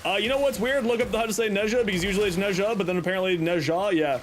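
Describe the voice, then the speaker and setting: A man's voice: high voice, very fast, slight background noise. A young man chatting casually with viewers on a game stream, playful and teasing. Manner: playful, teasing, joking deadpan bits. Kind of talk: casual live-stream chat.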